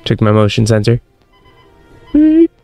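A man's voice: fairly low pitch, measured pace, creaky, darkish tone, soft background music. A young man commenting on a horror shooter as he plays, with jumpy, self-mocking reactions. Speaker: gaming streamer. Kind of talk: let's-play commentary.

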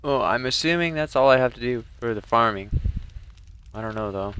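A man narrates his own gameplay live, muttering to himself one moment and yelling in panic the next, with plenty of swearing. His voice is bright and forward, with a faint noise under it. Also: mid-range voice, lively intonation, moderate pace. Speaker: streamer playing a survival game.

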